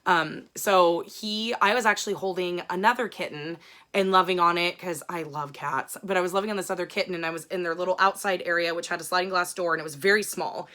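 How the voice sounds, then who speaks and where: A chatty woman with a voice that sits a little low and still has a bright, tense edge. She wanders through her stories in a frank, rambling way and swears freely, talking to her viewers like friends. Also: fairly quick. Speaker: book vlogger. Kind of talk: casual chat.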